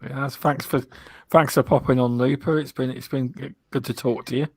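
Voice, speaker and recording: A man hosting a relaxed gaming podcast. His voice is mid-pitched and comes through dry and close. He talks in an easygoing way, often saying the same thing twice. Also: fairly quick, breathy edge, dry recording. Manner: easygoing, repeats himself. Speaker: podcast host. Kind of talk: casual podcast chat.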